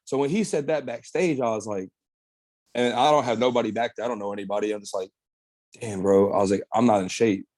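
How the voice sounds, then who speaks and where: Fast-talking and mid-range in voice, a young bodybuilder guest spins casual, animated stories on a podcast, full of slang, swearing, and frequent "bro" and "man." There's no echo.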